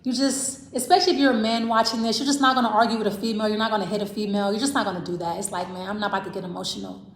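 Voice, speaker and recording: A woman's voice: on the high side, fairly even intonation, very fast. Rambling woman tarot reader, roomy echo. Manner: rambling, repeats "I feel like", talks straight to the viewer. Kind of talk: casual tarot reading to camera.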